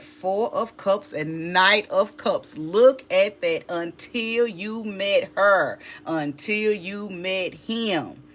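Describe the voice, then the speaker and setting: Low-voiced woman giving a chatty tarot reading. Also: a bit bright, slight background noise. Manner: chatty, talks to viewers as baby and y'all. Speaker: tarot reader. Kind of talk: casual tarot reading to viewers.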